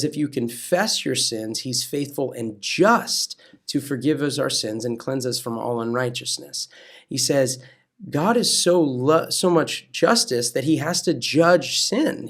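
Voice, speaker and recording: An American man, a pastor and coach, telling a personal faith story in a lively way, acting out quoted dialogue and then preaching. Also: medium pitch. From California. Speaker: pastor and wrestling coach, guest.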